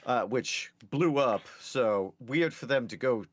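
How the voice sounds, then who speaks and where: A man in a tabletop role-play session talks hesitantly and fills his pauses with ums. His voice sits in a middle range. The recording is dry and close. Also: medium pitch, lively intonation, dry recording. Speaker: player.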